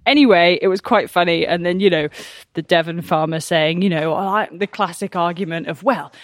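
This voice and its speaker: A woman's voice: lowish voice, normal speed, no room sound, clean studio sound. A woman farmer chatting casually in a rambling, self-mocking way as she vlogs from her farmyard. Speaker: farmer and vlogger. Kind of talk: casual vlog narration. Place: farmyard outdoors.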